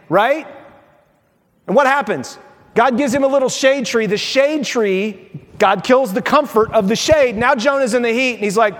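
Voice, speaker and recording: A man preaching a sermon as pastor, telling the story with lively mock voices. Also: very high voice, normal speed. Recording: long reverb of a large hall.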